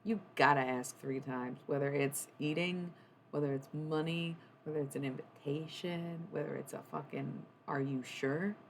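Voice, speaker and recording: A woman's voice: deep voice, fairly even intonation, moderate pace, a little hiss or hum. A young adult woman chatting casually on a livestream, rambling and swearing freely. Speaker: streamer.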